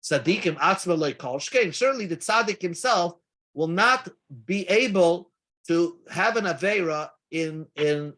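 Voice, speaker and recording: A man's voice: high voice, animated, a bit bright. Man teaching Talmud readings. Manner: halting explanation with frequent restarts, mixing Hebrew-Aramaic readings with English. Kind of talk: Daf Yomi lecture.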